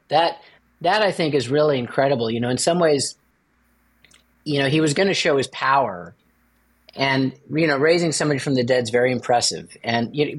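A man co-hosting a faith podcast as a priest, chatting casually and joking with playful asides. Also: breathy edge. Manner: playful, jokes with sudden high-pitched asides.

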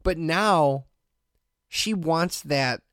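A man with a somewhat high voice talks on a podcast, chiming in with dry, teasing remarks and frequent laughter. His voice sounds close and dry, with no room echo. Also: extremely slow, fairly bright tone. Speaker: podcast co-host. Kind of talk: casual podcast chat.

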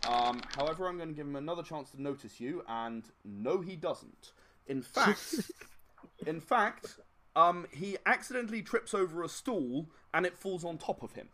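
A man narrating a tabletop game as game master, with a lively, swooping voice pitched slightly high. He rambles, chuckles and fills gaps with "um.". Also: normal speed, a little hiss or hum. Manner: rambling, chuckling, many fillers.

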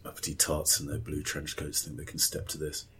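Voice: very deep voice, fairly even intonation, racing, husky, pitched below the performer's own voice. A man doing a sneering, haughty tough woman. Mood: scornful. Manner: sneering, clipped put-downs.

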